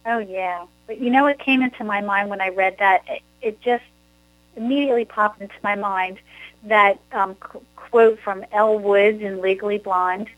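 A woman from New Jersey with a New Jersey accent, hosting a casual chat in a lively, animated way. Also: medium pitch, moderate pace, dry recording, rough recording. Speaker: host.

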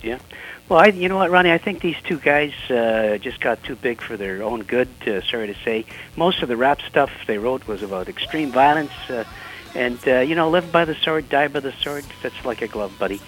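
A man co-hosting a talk radio show, reading announcements and segment lead-ins in a steady broadcaster's cadence. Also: mid-range voice, moderate pace, poor audio.

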